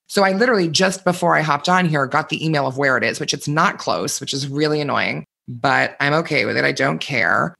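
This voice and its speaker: A man co-hosting a podcast in casual chat, telling stories with animated energy, acting out quoted voices and swearing freely. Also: fairly high pitch, quick pace, gravelly, few pauses. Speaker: podcast co-host.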